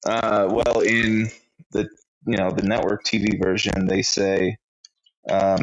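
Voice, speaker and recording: A man with a low voice co-hosts a casual podcast chat, laid-back and blunt, swearing casually. His mic sounds dull and lo-fi, with clicking in the background. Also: little pitch movement, slow pace. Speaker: podcast co-host.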